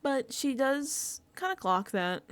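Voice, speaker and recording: A young woman recapping a reality show in casual reaction commentary, animated and laughing with exasperated asides. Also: high-pitched, slow pace.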